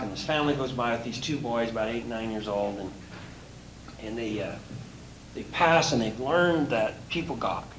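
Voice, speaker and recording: A man speaks as a motivational coach, spinning folksy anecdotes at an even, middling pitch. He chuckles now and then as he tells his stories. The room sounds roomy and echoey, with a faint hiss underneath. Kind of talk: anecdotal storytelling talk.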